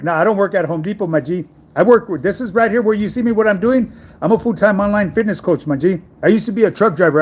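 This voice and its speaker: A middle-aged man, an online fitness coach, chatting casually on a livestream and answering viewer messages in laid-back street slang. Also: high-pitched.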